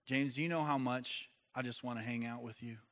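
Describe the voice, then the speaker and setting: A man voicing a gentle, loving male divine spirit who speaks softly and coaxingly. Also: mid-range voice, fairly even intonation, brisk, pitched below the performer's own voice, close to an everyday voice. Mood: tender. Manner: soft, tender, coaxing.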